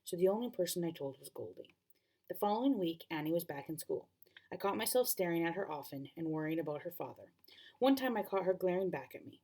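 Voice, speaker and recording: A woman teacher reading a novel aloud to students, expressive and often correcting herself mid-sentence. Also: lowish voice, quick pace.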